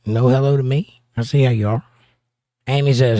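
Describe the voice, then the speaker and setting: This medium-pitched, slightly mellow voice belongs to a middle-aged American livestream host, who reads viewer comments aloud with playful, combative banter. He talks at a normal speed but pauses often, in studio-quality audio without echo.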